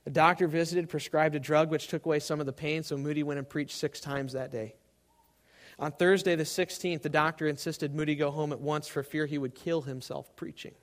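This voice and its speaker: A man preaching a sermon to a live congregation, swinging between loud emphasis and hushed, quiet tones. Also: fairly high pitch, steady tone, a little fast.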